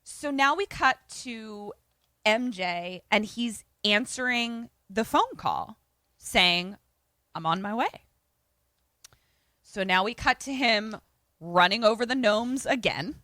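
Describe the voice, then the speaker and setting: Bright-voiced woman recapping a movie. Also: a little high, slow, no room sound, clean studio sound. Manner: animated storytelling with quoted voices, frequent swearing. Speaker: podcast co-host. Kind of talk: casual movie recap chat.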